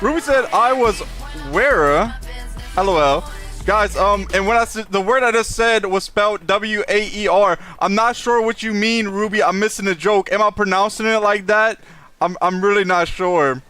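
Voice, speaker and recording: A man's voice: sits high, moderate pace, sharp tone, soft background music. A young man streaming a video game live, chatting casually, reading chat messages aloud and laughing often. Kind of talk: live gameplay commentary.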